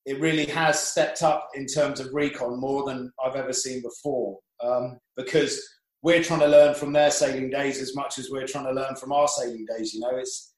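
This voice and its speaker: A man's voice: mid-range voice, steady tone, moderate pace, roomy sound, rough recording. A man, a professional sailor, telling rambling anecdotes in casual chat, with frequent restarts.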